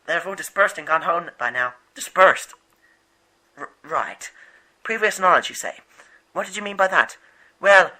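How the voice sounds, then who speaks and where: A man playing an earnest, rambling rebel leader in a homemade animated movie, with a higher-than-usual voice that sounds very bright and sharp. He tumbles through long explanations and trips over his words. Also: rough recording. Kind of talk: amateur animated movie voice acting.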